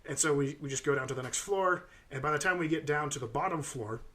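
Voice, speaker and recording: Man, 30s, podcast co-host, casual chat, rambling with fillers, bright tone. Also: fairly high pitch, fast talker. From United States. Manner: rambling storytelling with many fillers.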